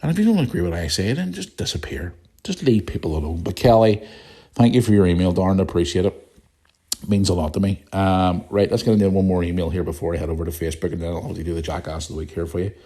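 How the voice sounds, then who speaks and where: A man's voice: low-pitched, quick pace, dark tone. A middle-aged man with a Northern Irish accent, hosting a casual solo podcast, chatty and blunt, swearing freely. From Northern Ireland. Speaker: podcast host.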